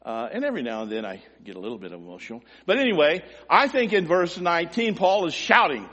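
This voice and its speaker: A man preaching a sermon with emotional, emphatic delivery, swinging from loud, high-pitched emphasis down to quiet, low asides. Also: big pitch swings, fast, hardly any pauses, big-room sound.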